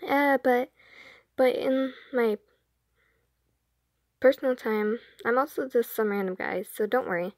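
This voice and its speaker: Easygoing young idol guy, read by a woman, slightly high and mellow. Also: measured pace, pauses often, no echo, clean studio sound, natural voice. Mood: reassuring. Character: friendly young male singing idol.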